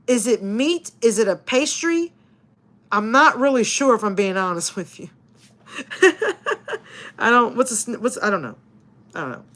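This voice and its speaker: Playful animated woman reading comments. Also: on the high side, normal speed, pauses often. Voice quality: laughs often, animated and playful. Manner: lively, swears casually, uses slang. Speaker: YouTuber and paranormal investigator. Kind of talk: casual livestream chat reading comments.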